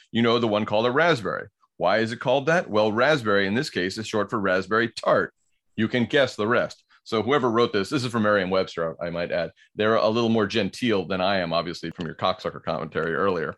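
A man's voice: on the low side, a bit bright. A man co-hosting a podcast, explaining word origins in casual banter, laughing often and reading passages aloud.

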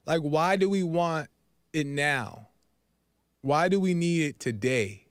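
A man's voice: a little high, takes it slowly, no room sound, clean studio sound. Earnest man retelling a parable. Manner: earnest, repeats himself, filler "right?". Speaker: podcast host. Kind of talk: storytelling reflection.

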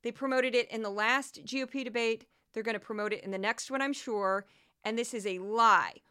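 A woman hosting a political commentary podcast, talking in an animated, indignant way and rattling off long lists with ums and uhs. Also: a little high, brisk, smooth. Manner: animated, gets worked up and indignant. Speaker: podcast host.

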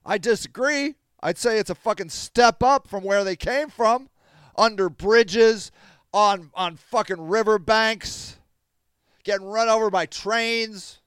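A man's voice: high voice, animated, measured pace, fairly bright tone, clear, resonant tone, no room sound, clean studio sound. A man hosting a podcast, ranting angrily with heavy swearing and sarcasm while reading out and mocking news quotes. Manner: heated, profane, sarcastic. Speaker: podcast host running a tent shelter. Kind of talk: angry podcast rant.

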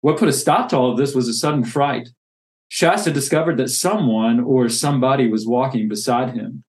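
Man, mid pitch, earnest, reflective, reading aloud then musing on faith. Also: normal speed. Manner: earnest, reflective, with many restarts. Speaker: church planter.

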